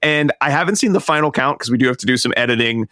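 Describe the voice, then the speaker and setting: Speaking fast in a sharp, mid-range voice, a man co-hosts a podcast in a clean studio recording with no room sound. His chatty talk wanders, and he keeps fixing what he just said.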